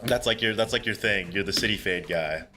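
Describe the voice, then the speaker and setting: A man's voice: on the low side, brisk. Earnest young man streaming with faint music. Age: young adult. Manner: chatty and earnest, swears freely, laughs often. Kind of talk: casual live-stream chat with viewers.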